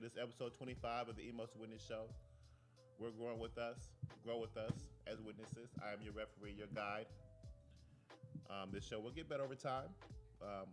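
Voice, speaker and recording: A man hosting a talk show, ranting and telling stories in a casual, profane, digressive way from a studio. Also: fairly low pitch. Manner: animated, profane, digressive storytelling. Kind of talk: casual rant and commentary.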